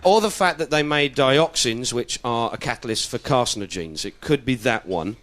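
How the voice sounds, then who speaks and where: Animated comedian. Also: male voice, medium pitch, normal speed, slight background noise. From South London. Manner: cheeky, animated, swearing, mimicking people. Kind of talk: stand-up comedy.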